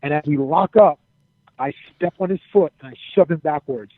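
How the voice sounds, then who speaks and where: A former wrestler, a man, telling profane, animated stories as an interview guest and repeating his phrases as he goes. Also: fairly high pitch, moderate pace, dry recording. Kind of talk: casual storytelling. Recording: dry, phone-like narrow sound.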